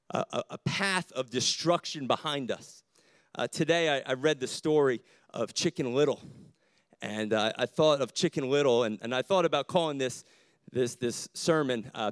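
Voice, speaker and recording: A male pastor, not a native English speaker, preaching a sermon in an animated way and often repeating words as he builds his points. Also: mid-range voice, dry recording.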